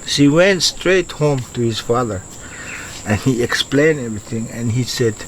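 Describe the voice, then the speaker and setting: A man from Yap telling a local legend outdoors in simple broken English, with pauses and restarts. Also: mid-range voice, expressive, a little hiss or hum, poor audio. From Yap, Micronesia. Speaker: storyteller.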